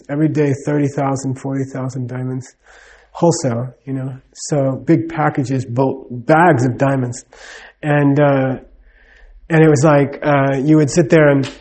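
A man's voice: a little high, a little mellow. A middle-aged man giving a casual, rambling talk, full of fillers and "you know what I mean". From United States.

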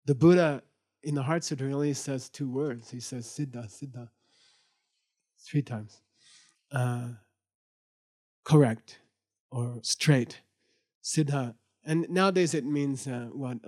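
A man with a mellow, relaxed tone explains an old Buddhist story line by line. He reads a phrase of the source text, then puts it into everyday words, often repeating himself and checking that the listeners follow. He tells the story with some humor and laughs at times. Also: mid-range voice. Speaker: Buddhist teacher. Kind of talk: lecture reading a Tibetan text aloud and explaining it line by line.

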